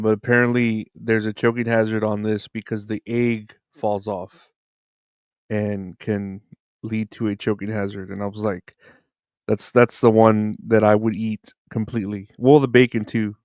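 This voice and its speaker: Gravelly low-voiced man, rambling podcast host. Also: little pitch movement, normal speed, a little mellow, no echo, clean studio sound. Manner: rambling, laid-back, swears and chuckles. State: tired, yawning. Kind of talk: casual comedic chat.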